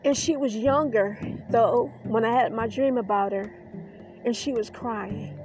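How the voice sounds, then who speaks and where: A woman's voice: fairly high pitch, a little slow, dull audio, music in the background. A woman hosting a podcast, talking in an emotional, defiant personal monologue and getting choked up at times. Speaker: podcast host.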